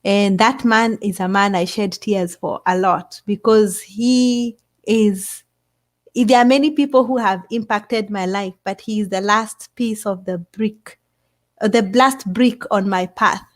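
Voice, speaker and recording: A middle-aged woman, telling a story as an interview guest in an animated way. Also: mid-range voice, unhurried. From Kenya. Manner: animated, acts out others' voices. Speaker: guest scientist.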